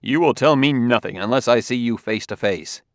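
A determined detective, voiced by a male audiobook narrator, clipped and insistent. The voice sits a little above the narrator's own low pitch. The recording is dry and close. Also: normal speed, no room sound, natural voice. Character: determined Earthman detective, man.

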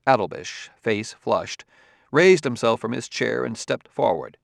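A man reading a novel aloud as narrator in an even, measured way. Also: medium pitch, vocal fry, no echo, studio quality. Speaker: audiobook narrator. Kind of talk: scripted narration.

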